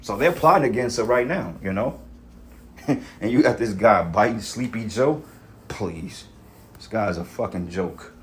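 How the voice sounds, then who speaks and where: A man with a fairly low voice rants casually on religion and society. He talks in a blunt, profane, rambling way and leans heavily on slang. Faint noise sits behind him. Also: expressive, a little slow. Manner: street slang, frequent "you know what I'm saying". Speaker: religious vlogger.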